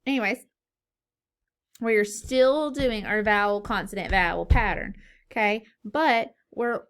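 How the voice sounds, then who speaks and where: A woman's voice: medium pitch, a little slow, fairly bright tone, clear, resonant tone. A woman teacher recording a phonics lesson for young children, playful and sing-song, repeating words for emphasis, on a camera mic.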